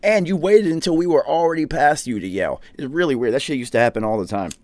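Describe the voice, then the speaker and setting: A man's voice: mid-range voice, expressive, quick pace, a little mellow. A young man hosting a podcast, telling profane, rambling anecdotes in a casual chat. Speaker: podcast host. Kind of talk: casual storytelling.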